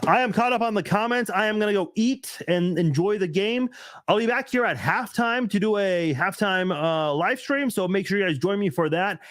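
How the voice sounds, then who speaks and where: A man's voice: sits high, expressive, moderate pace, fairly bright tone, no room sound, studio quality. A young man hosting a casual live stream, reading viewer comments aloud and rambling in a self-mocking way.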